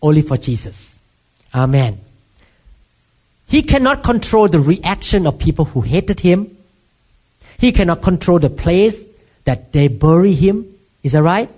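A man with a Thai accent delivers an emphatic sermon as a pastor, his voice sitting notably high for a man. He presses his congregation with rhetorical questions. The recording sounds dull and lo-fi. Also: big pitch swings, unhurried, long pauses, darkish tone, breathy edge. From Thailand.

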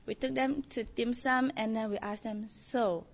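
Woman, lively storytelling testimony, muffled lo-fi recording. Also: fairly high pitch, a little slow. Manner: animated storytelling, acts out quotes. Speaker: church member giving testimony.

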